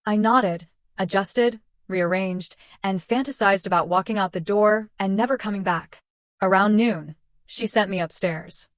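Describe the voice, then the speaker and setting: A woman narrating a first-person story in a steady, even reading voice at a middle pitch. The recording is dry and close, with no room sound at all. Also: measured pace, dry recording.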